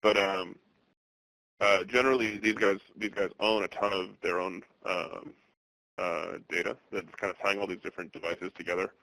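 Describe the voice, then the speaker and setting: Low, bright-toned man presenting a webinar. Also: creaky, no room sound, poor audio. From Boston area. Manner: halting, many fillers and restarts; monotone delivery.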